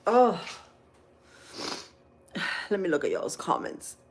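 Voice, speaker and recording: A woman's voice: fairly low pitch, wildly swooping pitch, takes it slowly. A woman hosting a casual cooking livestream, chatting with viewers as she slices vegetables and often exclaims "oh Lord". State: teary from onions. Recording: echoey kitchen, faint noise.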